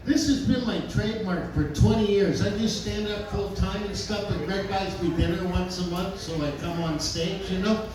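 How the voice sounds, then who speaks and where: Brash high-voiced man doing stand-up. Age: 50s. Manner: brash, profane, rapid asides to the crowd. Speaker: stand-up comedian. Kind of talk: stand-up comedy set. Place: bar stage. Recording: roomy bar sound from far off, noisy.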